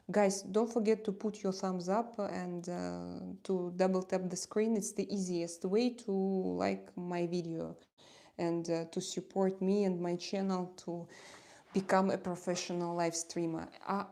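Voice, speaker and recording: A woman with a Russian accent talks in a relaxed, halting way, full of small pauses and fillers. Her voice is dark and mellow, with a gravelly fry running through it. She sounds like a live streamer chatting with viewers from home. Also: mid-range voice. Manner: halting, many "uh" fillers, warm thanks to viewers. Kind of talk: casual live chat reading comments. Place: home in Spain.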